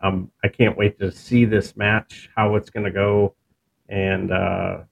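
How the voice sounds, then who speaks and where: A man co-hosting a casual wrestling podcast, talking in a relaxed, rambling way with many fillers and restarts. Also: lowish voice, slow, creaky. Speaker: podcast co-host. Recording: dull lo-fi sound with faint noise.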